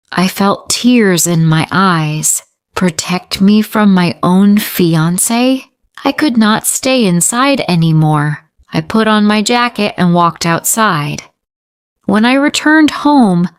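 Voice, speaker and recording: Slow, careful woman storyteller. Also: mid-range voice, clear, resonant tone, no room sound, clean studio sound. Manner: slow, careful first-person narration. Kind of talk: graded-English story reading.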